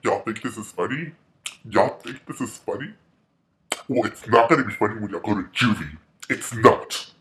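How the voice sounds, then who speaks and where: A man's voice: fairly low pitch, moderate pace, a bit bright, voice pushed down, close to an everyday voice, low-quality recording. A young man voicing an angry male police officer who scolds teenagers sternly. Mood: angry scolding. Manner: barking and stern.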